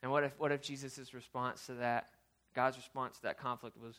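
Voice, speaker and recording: Bright-voiced man preaching casually. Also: medium pitch, brisk. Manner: chatty and animated, many fillers and restarts. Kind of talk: casual storytelling sermon.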